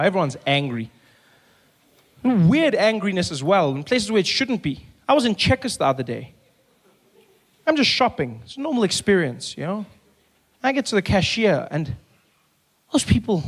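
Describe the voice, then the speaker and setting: A middle-aged man with a South African accent doing stand-up comedy, animated and repetitive, jumping into voices and sound effects. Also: high-pitched, normal speed.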